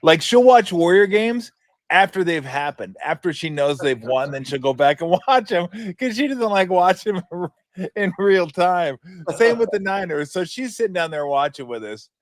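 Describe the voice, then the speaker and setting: A man hosting a sports talk show, telling stories in a lively, chatty way with quick asides and frequent laughs. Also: sits high, no echo, clean studio sound. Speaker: sports radio host.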